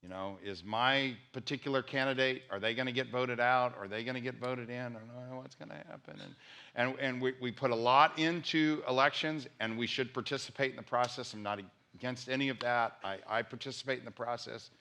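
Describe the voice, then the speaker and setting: Bright-voiced man preaching a sermon. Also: medium pitch, steady tone, fairly quick. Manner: conversational preaching, repeats for emphasis. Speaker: pastor.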